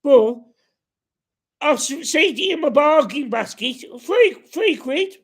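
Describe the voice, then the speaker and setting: A man putting on a loud, high-pitched bargain-hunting bloke. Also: expressive, takes it slowly, exaggerated voice. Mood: boastful. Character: rough middle-aged male bargain-hunting bloke.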